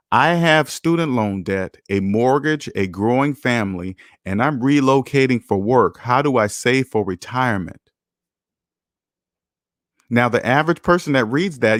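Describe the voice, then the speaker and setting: A personal finance vlogger hosts a video, his medium-pitched voice recorded clean in a studio with no echo. He lectures viewers emphatically and repetitively, reading an article aloud with running commentary while his volume swings between loud and soft.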